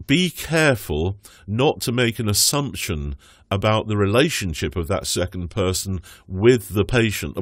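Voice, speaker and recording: Low-voiced man teaching exam speaking skills. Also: no echo, studio quality. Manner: acts out doctor and patient lines in his own voice; measured, instructive, with fillers. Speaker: OET speaking tutor. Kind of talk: exam prep lesson.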